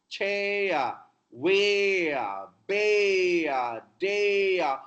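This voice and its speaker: A man with an Indian English accent, a professor teaching pronunciation in an online lecture, slowly modelling word after word. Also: on the high side, fairly bright tone. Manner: slow, deliberate modelling of sounds. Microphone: computer mic on a video call. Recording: dull lo-fi video call audio.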